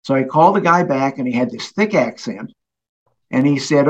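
An older man, a consumer protection official, telling stories in a relaxed interview and chuckling along the way. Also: mid-range voice, a little fast, vocal fry, dull audio. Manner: animated, chuckling storyteller. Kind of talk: conversational interview storytelling.

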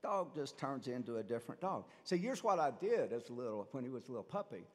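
A man, a priest, giving a sermon in a conversational, animated way, asking the congregation rhetorical questions. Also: medium pitch, fast talker. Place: church. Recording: long church reverb.

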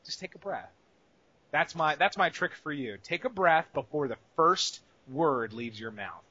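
A man with a lively, forceful, bright voice chats casually on a podcast. He swings between loud, excitable bursts and quiet, muttered asides, and he swears freely. The sound is dry and slightly dull. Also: on the high side, a little slow, breathy edge, no room sound. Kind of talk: casual advice chat about gaming rage.

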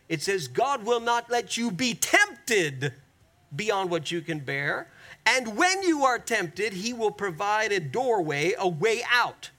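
A man preaching a sermon as pastor, earnest and emphatic, often turning to the congregation and slowing down hard on the key phrases. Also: high-pitched, sharp tone. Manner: slows down sharply on key phrases.

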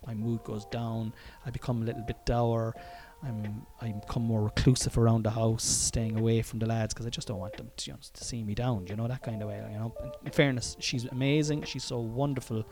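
A man's voice: mid-range voice, steady tone, fairly quick, hardly any pauses, music in the background. An Irish man telling a personal story in a casual monologue, frank and profane, chuckling often and wandering into asides.

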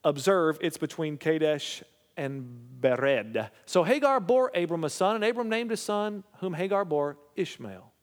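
A man's voice: a little high, animated, a little slow. A male pastor preaching a sermon, reading scripture aloud and then commenting, often checking in with the congregation. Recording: long hall reverb.

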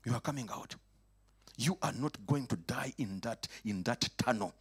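A man preaching a sermon in a church, in a dramatic call-and-response style that moves from soft asides to loud, high exclamations. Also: moderate pace, slightly rough. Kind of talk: lively sermon. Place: church or worship hall.

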